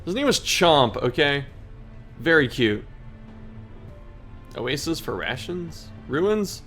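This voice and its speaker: A man's voice: fairly high pitch, very animated, slow pace, fairly bright tone, soft background music. A man hosting a gaming video, reading in-game story text aloud and commenting on his turns, poking fun at his own mistakes. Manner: self-deprecating, laughs at own mistakes.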